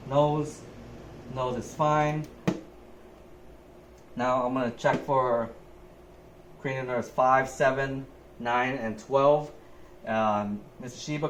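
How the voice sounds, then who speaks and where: A young adult man, a nurse, talking through a physical assessment step by step in a methodical way. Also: mid-range voice. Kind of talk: narrated skills demonstration. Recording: echoey room, faint background noise.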